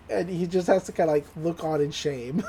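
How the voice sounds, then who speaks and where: A woman's voice: low-pitched, unhurried, warm tone, slight background noise. A woman co-hosting a podcast, recapping an episode in casual chat, laughing often and swearing freely. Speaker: podcast co-host.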